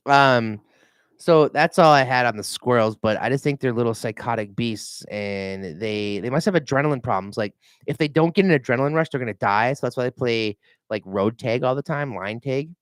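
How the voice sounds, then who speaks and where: A middle-aged man rambling in a casual vlog, telling animated stories and swearing freely. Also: medium pitch, normal speed, smooth, no room sound, clean studio sound. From Minnesota. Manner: animated storytelling, mimics voices, swears freely. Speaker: realtor vlogger.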